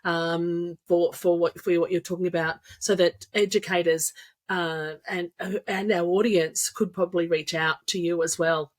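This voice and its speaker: A woman hosting a podcast, asking friendly, halting questions with frequent fillers. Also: lowish voice, fairly even intonation. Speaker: podcast host. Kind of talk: interviewing a guest.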